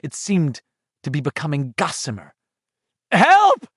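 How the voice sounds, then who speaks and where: A man's voice: mid-range voice, animated, normal speed, no echo, clean studio sound. A man reading a horror audiobook aloud in dramatic scripted narration. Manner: dramatic, shifting delivery.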